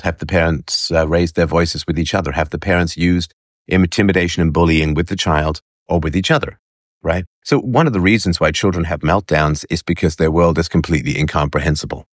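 A man with an extremely deep voice works through an article out loud, pausing on fillers and dropping scornful remarks. The sound is close and dry, with no room around it. His delivery is halting but opinionated. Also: dry recording. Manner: hesitant, many fillers, scornful asides. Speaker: commentator. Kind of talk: commentary reading and reacting to an article and a clip.

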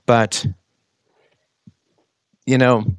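A man giving a casual monologue, animated and argumentative, posing rhetorical questions. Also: mid-range voice, extremely slow, smooth, no room sound, clean studio sound. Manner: animated, acts out other people's voices in quotes.

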